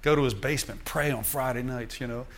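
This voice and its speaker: An older male preacher tells his own story from the pulpit, lively and chuckling as he speaks to the congregation. His voice sits at a middle pitch, and his delivery is conversational and animated. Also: fairly quick, creaky, noisy background. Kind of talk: sermon testimony. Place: church.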